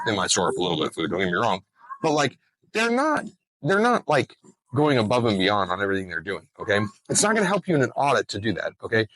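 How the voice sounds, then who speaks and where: A man's voice: mid-range voice, a bit bright, husky, dry recording. A man talking casually outdoors in a vlog, joking and digressing as he explains rules to his viewers. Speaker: trucking compliance host. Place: outdoors in bright sun.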